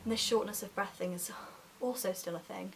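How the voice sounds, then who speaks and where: A woman's voice: medium pitch, a little fast, a little hiss or hum. Giggly chatty young woman. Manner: chatty, giggly, lots of "like" fillers. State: pregnant, gets out of breath talking. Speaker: vlogger. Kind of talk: casual pregnancy update vlog.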